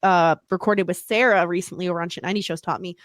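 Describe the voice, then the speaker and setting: A young adult woman co-hosting a podcast, chatting casually and gushing with animated enthusiasm. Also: fairly low pitch, fast talker, no room sound. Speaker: podcast co-host. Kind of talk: casual chat.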